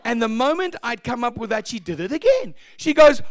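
Male pastor, high voice, animated storyteller who acts out the scenes, dry close sound. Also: fast talker, hardly any pauses, no room sound. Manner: animated storytelling, acting out shouts and laughter. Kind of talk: testimony sermon.

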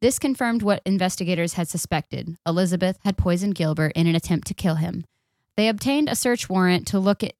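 Blunt, low-voiced woman podcast host. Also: darkish tone, dry recording, studio quality. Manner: blunt, profane, opinionated. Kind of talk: casual true-crime chat and reading.

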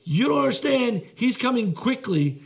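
A man's voice: very high voice, sing-song, normal speed, vocal fry. A male pastor preaching a sermon in a conversational, earnest way, full of fillers and restarts. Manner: earnest, heartfelt delivery.

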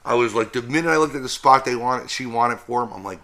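A man's voice: medium pitch, expressive, fast talker, hardly any pauses, sharp tone. A man co-hosting a podcast, telling stories in a laid-back way and swearing often. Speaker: podcast co-host. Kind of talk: casual chat.

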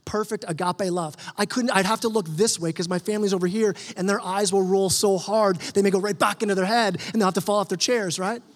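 Male pastor, higher voice, earnest conversational sermon, echoing church hall. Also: steady tone, quick pace, hardly any pauses. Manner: earnest, conversational preaching with repeated restarts. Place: church sanctuary.

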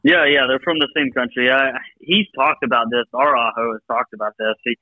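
A man's voice: mid-range voice, fairly even intonation, a little fast, dry recording. A male guest calling into a sports radio show who tells laid-back stories and laughs often. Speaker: guest on the phone line. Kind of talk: casual sports radio chat. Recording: dull lo-fi phone line.

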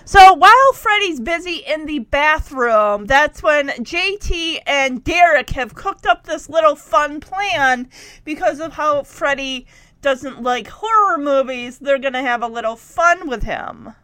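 Woman, casual show recap, teasing and laughing, animated pitch, dry close sound. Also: unhurried, dry recording. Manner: chatty, laughs often, teasing asides.

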